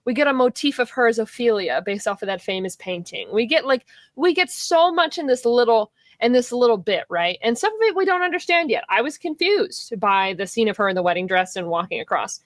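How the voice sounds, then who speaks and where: A woman's voice: fairly high pitch, big pitch swings, brisk, hardly any pauses, no echo. A woman co-hosting a casual film debate, teasing and laughing a lot as she passionately argues her side. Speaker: co-host.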